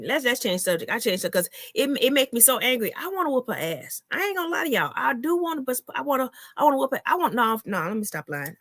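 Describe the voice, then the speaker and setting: A woman's voice: mid-range voice, a bit bright, no echo, clean studio sound. A woman comedian hosting a casual live stream, ranting in a heated, blunt and profane way while reading out viewer comments.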